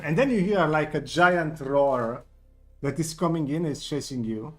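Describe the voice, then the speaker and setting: A man's voice: a little high, normal speed, soft background music. A man narrating a tabletop game as game master, hesitant and full of fillers.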